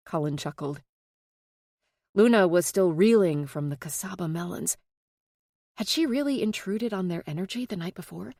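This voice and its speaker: A woman reading a mystery novel as an audiobook narrator, in an even, measured storytelling manner. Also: on the low side, no room sound, studio quality. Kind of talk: scripted narration.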